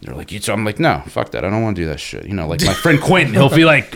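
A man's voice: fairly low pitch, sing-song, quick pace, few pauses, fairly bright tone, slight background noise. A man working as a fishing guide, telling stories in a laid-back, rambling, profane way during a casual chat.

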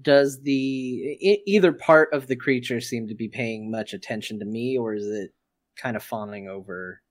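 A man's voice: mid-range voice, normal speed. A man playing a tabletop game, asking careful questions of the game master. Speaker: player.

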